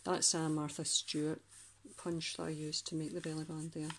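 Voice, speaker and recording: Low-voiced Scottish woman chatting through her crafts. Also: little pitch movement, moderate pace, gravelly, a bit bright, a little hiss or hum. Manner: chatty, rambling, searching for words. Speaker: crafter showing a handmade journal. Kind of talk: casual craft flip-through.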